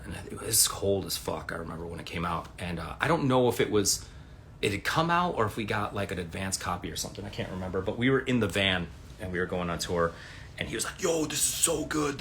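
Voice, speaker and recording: A man in his forties livestreams casually from home, his low voice moving at a quick pace over a faint hiss or hum. He rambles and swears through animated stories, recorded on a phone.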